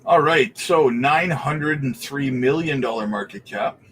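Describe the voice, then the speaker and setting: Hosting a casual crypto stream, a Canadian man with a medium-pitched voice takes his time, with a bit of background noise behind him. He reads viewer questions and thinks aloud in a relaxed way as he looks things up.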